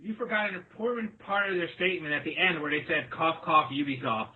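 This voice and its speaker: A man's voice: high voice, quick pace, husky. A man in a casual podcast chat, rambling with lots of "like" fillers, heard over a tinny phone-like line.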